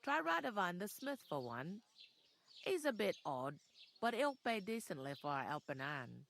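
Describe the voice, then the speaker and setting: A woman's voice: on the low side, very animated, normal speed, creaky, a bit bright, heavily acted. A brusque village tavern woman with a Yorkshire accent. She talks in a blunt, folksy, gossipy way, and a faint noise sits under her voice. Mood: matter-of-fact. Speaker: tavern keeper.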